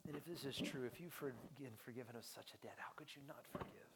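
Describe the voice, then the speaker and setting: A young adult man preaching a sermon as pastor, passionate, rising to loud emphasis and dropping to hushed near-whispers. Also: mid-range voice, fast, slight background noise.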